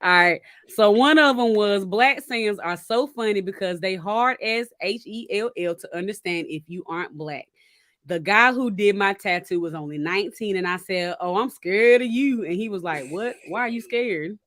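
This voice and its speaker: A woman's voice: medium pitch, moderate pace, no room sound, studio quality. A woman, co-hosting a podcast in casual chat, telling stories and acting out quotes with laughter. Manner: animated storyteller, acts out quotes with laughter. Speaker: podcast co-host.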